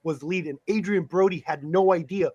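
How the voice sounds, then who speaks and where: A man co-hosting a casual movie podcast, loud and excitable, swearing freely. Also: high-pitched, normal speed, husky, highs cut off. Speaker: podcast co-host. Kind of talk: casual chat.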